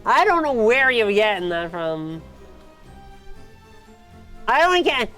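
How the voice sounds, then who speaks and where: A woman streamer in casual chat with her viewers, playful and dramatic, dropping to whispers and then bursting out loud. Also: a little high, sing-song, takes it slowly, soft background music. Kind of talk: casual chat answering chat questions.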